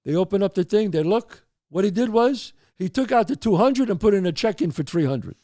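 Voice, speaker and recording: Clean studio sound, no room sound: a man with a high voice, talking fairly quickly, hosts a show. He's an animated storyteller sharing neighborhood tales and advice, addressing listeners as folks and dropping emphatic asides.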